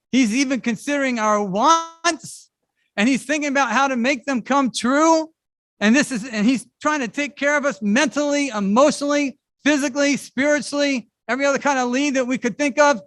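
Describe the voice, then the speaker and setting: A middle-aged man preaching a sermon in a conversational, animated way with casual asides. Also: very high-pitched, no room sound. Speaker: pastor. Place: church service.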